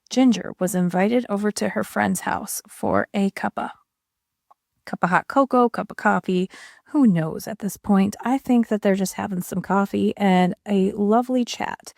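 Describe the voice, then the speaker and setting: Woman rambling away about inks, little bit of fry in her voice, dry close mic. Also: medium pitch, darkish tone, no room sound. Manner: chatty, rambling, self-deprecating. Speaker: ink and art video creator. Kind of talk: casual chat while swatching inks.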